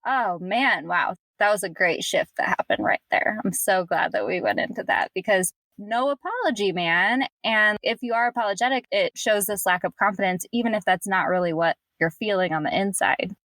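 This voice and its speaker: A woman's voice: mid-range voice, normal speed, hardly any pauses, fairly bright tone, no room sound. Enthusiastic woman hosting a podcast, dry sound. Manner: enthusiastic, agreeable, gushing reactions. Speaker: podcast host. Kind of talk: casual podcast conversation.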